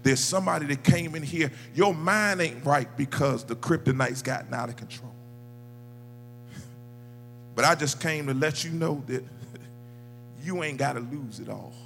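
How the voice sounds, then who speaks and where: A high-voiced preacher with a bright, ringing tone, moving between hushed storytelling and shouted, half-sung exhortation. He takes his time, letting each phrase land. He is heard in a reverberant church with soft music and hum underneath. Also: a little slow, gravelly, long pauses. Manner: builds from quiet storytelling to shouted, sung climax. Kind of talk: sermon. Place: church sanctuary.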